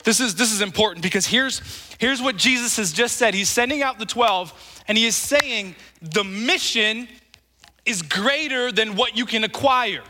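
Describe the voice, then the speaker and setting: A male preacher with a high, ringing voice delivers an emphatic sermon, repeating his phrases and calling on the congregation to answer back. His bright tone carries through a large hall with a long, lingering reverb. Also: normal speed. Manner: emphatic, calls for congregation responses, repeats words.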